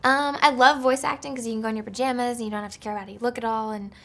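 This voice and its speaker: A woman's voice: on the high side, steady tone, rapid-fire, fairly bright tone. A woman being interviewed about her voice acting, talking casually with lots of fillers. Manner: chatty, full of fillers like "like" and "um". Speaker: actress interviewed about voice work.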